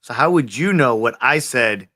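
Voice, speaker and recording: A man's voice: mid-range voice, animated, moderate pace, sharp tone. A man playing a tabletop game, joking and playful as he describes his character. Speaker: player. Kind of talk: casual tabletop role-play.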